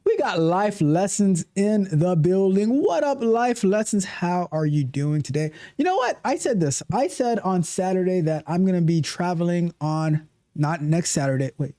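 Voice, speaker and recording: Mellow-voiced man chatting on a livestream. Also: high-pitched, moderate pace. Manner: animated, repeats and restarts phrases. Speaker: livestream host, coding coach. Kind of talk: casual livestream chat, reading viewer comments.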